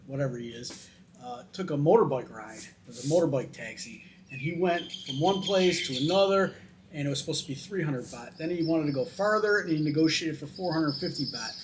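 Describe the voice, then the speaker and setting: A man's voice: fairly high pitch, moderate pace, slight background noise. A man talking casually and with opinions in a travel vlog, telling stories and commenting to his viewers. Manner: chatty, opinionated storytelling. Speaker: vlogger. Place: in Thailand.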